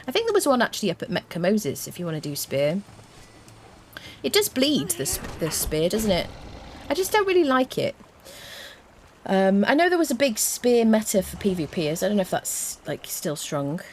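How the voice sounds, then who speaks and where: Her medium-pitched voice is sing-song, moving at a moderate pace with a little hiss or hum. She's streaming a video game, chatting casually to viewers and humming small tunes to herself while she plays.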